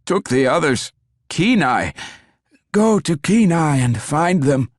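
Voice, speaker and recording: A man's voice: fairly high pitch, sing-song, dry recording, clean studio sound, pitched above the performer's own voice. A man voicing a dying, wounded older man who speaks in strained, breathless pleas in an audiobook. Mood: dying, urgent. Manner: strained, slow and breathless pleading. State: fading and breathless. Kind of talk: audiobook character voice.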